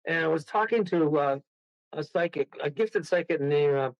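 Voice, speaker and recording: A man's voice: fairly high pitch, moderate pace, no echo, lo-fi sound. A man, a guest medium on a radio show, telling a rambling story full of laughs and acted-out quotes.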